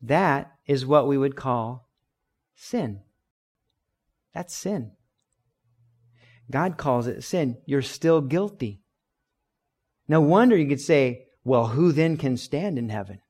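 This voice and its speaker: A man's voice: mid-range voice, animated, takes it slowly, long pauses, darkish tone. A man preaching in a conversational way, explaining scripture with everyday examples and acted-out quotes. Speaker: pastor. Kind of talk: sermon.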